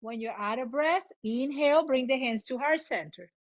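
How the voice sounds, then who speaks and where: A woman guiding a chair yoga class, giving cues in both English and Spanish and demonstrating loud vocal sounds. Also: sits high, moderate pace. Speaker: yoga instructor. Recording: muffled lo-fi recording.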